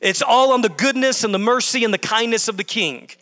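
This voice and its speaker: A male pastor delivers a sermon in a high, bright, forceful voice. He hammers his points through repetition, building in bursts. His voice rings out with a long reverb from the church hall. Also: a little fast. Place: church sanctuary.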